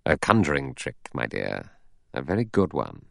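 A man's voice: a bass voice, sing-song, normal speed, gravelly, a bit bright, no room sound, clean studio sound, pitched below the performer's own voice, heavily acted. A man voicing a cynical, menacing adventurer who speaks in a sneering, clipped way.

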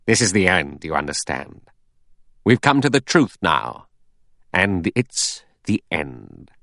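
A man's voice: sits low, expressive, moderate pace, a bit bright, no echo, studio quality. A man voicing a cynical, menacing adventurer who speaks in a sneering, clipped way.

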